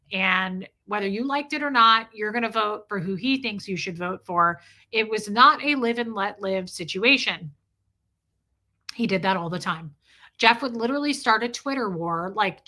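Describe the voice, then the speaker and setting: Here a middle-aged livestream host reads viewer comments aloud, chatting bluntly and cursing freely. Her medium-pitched voice is bright with a forceful edge.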